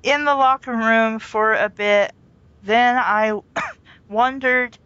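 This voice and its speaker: A woman's voice: a little high, steady tone, slow, fairly bright tone, no echo, lo-fi sound. A woman reading a story aloud for laughs, giggling and poking fun at herself between lines. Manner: giggly, self-mocking. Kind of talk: comedic reading with banter.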